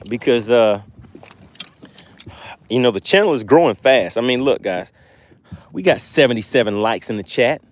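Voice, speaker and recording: A man's voice: mid-range voice, animated, normal speed, long pauses, slight background noise. A man with a Southern US accent, from Georgia, hosting a fishing livestream outdoors by the water and chatting casually with viewers. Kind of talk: casual live-stream chat, reading comments.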